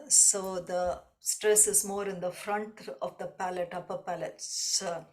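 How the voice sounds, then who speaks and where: A woman teaching a devotional class, explaining slowly and reflectively and often repeating a point in new words. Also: fairly low pitch, flat delivery. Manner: slow, reflective, gently repetitive explanation. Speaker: spiritual teacher.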